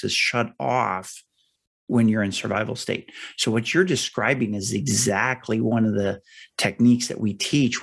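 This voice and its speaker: A middle-aged man hosting an interview podcast, explaining ideas in a measured, thorough way. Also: lowish voice, vocal fry. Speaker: podcast host. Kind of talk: interview conversation.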